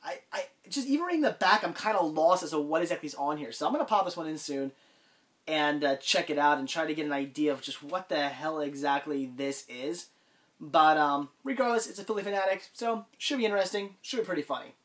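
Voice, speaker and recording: A man's voice: fairly high pitch, lively intonation, brisk, fairly bright tone. A man talking casually in a vlog about his haul, congested with a cold, rambling with frequent ums and restarts. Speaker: collector vlogger.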